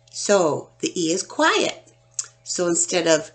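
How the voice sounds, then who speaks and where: A woman teacher leads a children's phonics lesson in a lowish, gravelly voice with lots of vocal fry. She speaks very slowly and sounds out each letter carefully. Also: sing-song. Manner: slow, deliberate, sounding out letters one by one.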